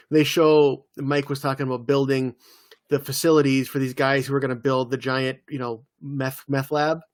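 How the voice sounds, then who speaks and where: With a mid-range voice and no room sound at all, a man co-hosts a podcast, chatting casually and wandering through stories packed with fillers.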